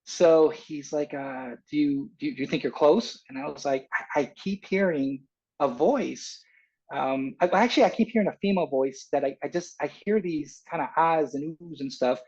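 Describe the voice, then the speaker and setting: A man, a singer-songwriter guest, telling a long story in a casual interview, rambling and animated with many restarts. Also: on the high side, normal speed, lo-fi sound.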